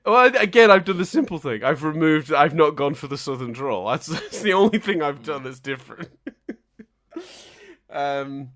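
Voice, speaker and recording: A man's voice: a little high, animated, moderate pace, a bit bright. Jokey man hosting a podcast. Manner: jokey, chatty, teasing. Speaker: podcast host. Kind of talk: casual podcast chat.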